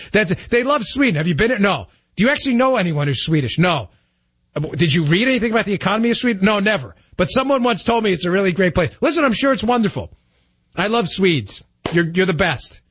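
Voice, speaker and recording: A man's voice: fairly high pitch, husky, no room sound, dull audio. A man hosting a talk radio show, ranting in an emphatic, combative way and firing off rhetorical questions.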